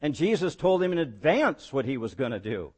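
A man preaching a sermon as pastor, voicing quoted lines with rising emphasis and dropping low on key words. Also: sing-song, fairly quick, a little mellow, slightly rough.

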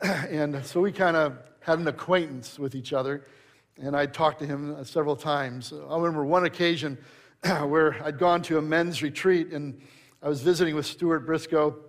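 A man's voice: fairly high pitch, fairly even intonation, moderate pace. A middle-aged male pastor preaching a sermon, telling anecdotes in a conversational way and rising to emphatic preaching.

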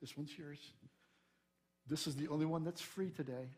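A man with a slightly high voice preaches a sermon as pastor. He moves from a quiet, hushed prayer to emphatic, rising declarations, recorded in a church sanctuary. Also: fairly even intonation, moderate pace, noisy background. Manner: prays softly, then preaches with rising emphasis.

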